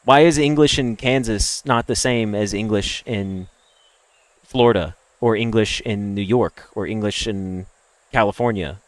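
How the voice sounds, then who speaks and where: A man's voice: unhurried, dry recording. Ranting American man, dry sound. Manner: ranting, opinionated, swings between loud emphatic bursts and low mutters. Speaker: game streamer. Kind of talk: casual chat with stream viewers.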